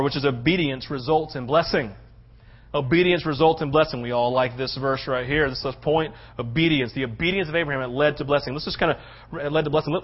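A man preaching a sermon as a pastor, telling the story dramatically and slipping into voices for the characters. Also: on the high side. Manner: animated storytelling, acting out voices. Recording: muffled lo-fi sound.

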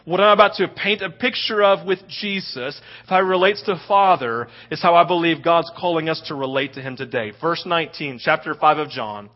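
A man preaching a sermon as a pastor, animated and acting out little scenes in quoted voices. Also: on the high side, brisk, hardly any pauses. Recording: dull lo-fi audio.

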